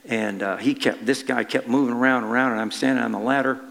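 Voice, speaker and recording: A man preaching a conversational sermon, telling a personal story in a halting, easygoing way with frequent restarts. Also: medium pitch, steady tone, vocal fry, a bit bright, big-room sound.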